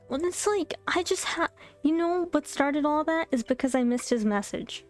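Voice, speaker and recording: A young adult woman streamer telling a story in casual chat, animated and chatty, laughing often and bursting into exasperated disbelief. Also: high voice, moderate pace, faint music behind. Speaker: VTuber streamer. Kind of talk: casual storytime chat while playing a game.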